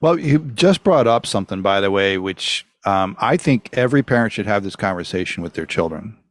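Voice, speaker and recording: A male interview guest with a low voice who explains an idea confidently and with emphasis. The recording sounds dry and close, with no room echo. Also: lively intonation, a little fast. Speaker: guest, hypnotherapist. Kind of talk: conversational interview.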